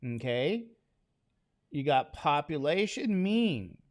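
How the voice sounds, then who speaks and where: A man's voice: fairly high pitch, sing-song, takes it slowly, no echo. A man teaching statistics to a classroom, talking casually and constantly quizzing his students with questions. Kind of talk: classroom lecture.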